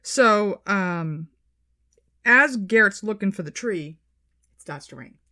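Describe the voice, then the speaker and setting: A woman co-hosting a podcast, telling a story in casual chat, animated and swearing as she quotes people. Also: mid-range voice, slow pace. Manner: animated retelling, swearing, quoting people in their voices. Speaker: podcast co-host.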